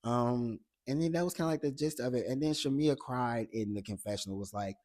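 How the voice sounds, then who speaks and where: A man's voice: mid-range voice, a little fast, a little mellow. A man recapping a reality TV episode in a casual vlog. He is blunt and profane, talks straight to the cast, and retells scenes in a chatty, gossipy way.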